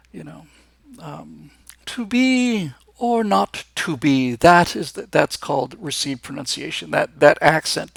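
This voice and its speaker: A man's voice: fairly high pitch, gravelly, a bit bright, breathy edge, no echo. A man hosting a live show, talking in a casual, enthusiastic and rambling monologue, with frequent restarts. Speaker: host.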